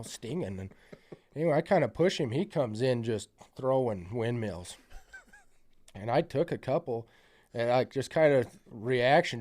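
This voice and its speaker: Man, casual podcast storyteller; rambling, profane, many fillers. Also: mid-range voice. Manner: gets loud and excited at the climax.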